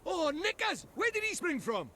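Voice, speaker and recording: A chirpy Welsh fairy sidekick. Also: male voice, very high voice, huge pitch swings, moderate pace, pushed and bright, a little hiss or hum, full character voice. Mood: chatty. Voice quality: sing-song, slangy and cheeky. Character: chirpy little male fairy sidekick, cocky and chatty. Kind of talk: video game cutscene voice acting.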